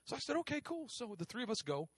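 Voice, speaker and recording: A middle-aged man preaching, telling a story with lively acted-out voices and frequent laughter. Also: very high-pitched, fast, breathy edge, no room sound, studio quality. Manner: animated, acts out voices, laughs often. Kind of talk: sermon storytelling.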